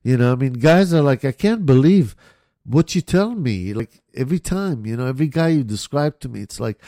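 A man's voice: medium pitch, lively intonation, a little fast, mellow, no room sound, clean studio sound. A man in a casual chat, mostly giving short replies and laughing along, sometimes swearing.

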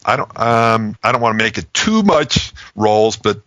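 A man explaining relationship communication in a casual talk, animated and acting out example phrasings. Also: on the low side, normal speed. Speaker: relationship communication expert guest.

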